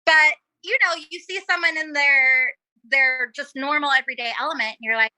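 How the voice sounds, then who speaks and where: Bright, giggly high-voiced woman. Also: a little fast, no room sound, low-quality recording. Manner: bubbly, giggly storyteller acting out quotes. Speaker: cosplayer guest. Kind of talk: casual podcast chat.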